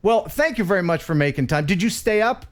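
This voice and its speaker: An American man hosting a casual live-stream chat, chatty and quick to laugh. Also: high-pitched, animated. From USA. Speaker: host.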